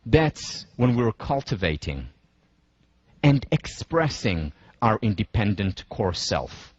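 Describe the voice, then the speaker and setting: Husky-voiced man giving a deliberate lecture. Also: fairly low pitch, very animated, no echo, highs cut off. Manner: deliberate, emphatic, slows down to stress points; walks listeners through scenarios step by step. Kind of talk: university lecture.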